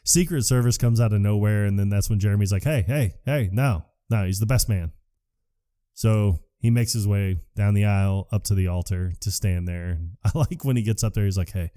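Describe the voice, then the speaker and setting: A man co-hosting a casual movie podcast, recapping scenes in a low, mellow voice. He keeps breaking into lively impressions of the characters. The close mic sounds dry and free of room echo. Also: smooth. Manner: acts out movie lines in quick impressions, laughs often. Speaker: podcast co-host.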